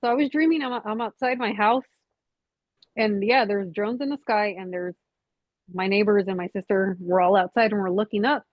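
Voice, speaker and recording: A woman's voice: mid-range voice, fairly even intonation, normal speed, no echo. A woman guest telling a story animatedly in casual chat, with swearing, over lo-fi call audio.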